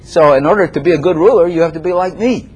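A man voicing a calm, fatherly God. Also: fairly high pitch, fast talker, slightly rough, pitched above the performer's own voice, rough recording. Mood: patient.

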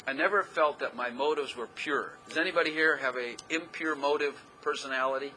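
A man's voice: on the high side, brisk, sharp tone, a little hiss or hum, poor audio. A man preaching a casual, rambling sermon as pastor, often laughing at himself as he talks.

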